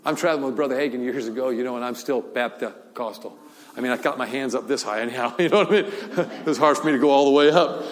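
An older man preaches a sermon in a large church hall, talking fast at a medium pitch. He tells a story full of laughter and repeated words, and long hall reverb trails his voice.

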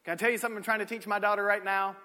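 A man, preaching a sermon with folksy stories, swinging from shouted peaks to low asides. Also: steady tone, racing. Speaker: pastor. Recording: echoey hall.

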